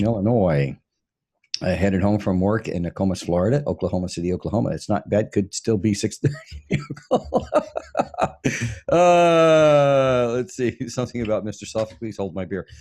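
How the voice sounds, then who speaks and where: A man's voice: on the low side, darkish tone. A man from the Pacific Northwest hosting a casual live stream, chuckling often as he reads out listener check-ins. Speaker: host.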